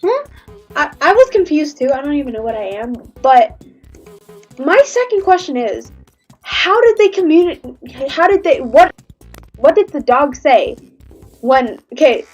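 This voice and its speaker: A woman's voice: high voice, sing-song, measured pace, pauses often, a little mellow, highs cut off, faint music behind. A woman hosting a casual reaction livestream, rambling and giggly with lots of restarts. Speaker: livestream host.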